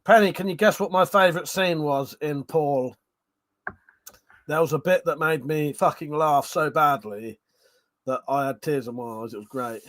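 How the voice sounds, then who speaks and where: A man's voice: fairly high pitch, normal speed, a bit bright. Crude, laughing man streaming. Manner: crude, swears a lot, laughs often. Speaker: livestream host. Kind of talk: casual chat with live chat.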